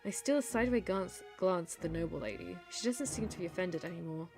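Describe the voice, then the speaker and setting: A woman's voice: fairly low pitch, fast talker, gravelly, over music. Woman streamer reading a story game aloud. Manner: animated, laughs often, breaks off to comment.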